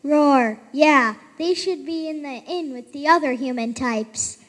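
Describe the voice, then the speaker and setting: A woman plays a bossy little dragon who lets out a roar and then scolds. The voice is high-pitched and heard in a reverberant church sanctuary. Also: measured pace, fairly bright tone. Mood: scolding. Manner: roars before speaking, scolding. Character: huffy stable dragon, bossy. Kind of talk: unrehearsed church pageant acting.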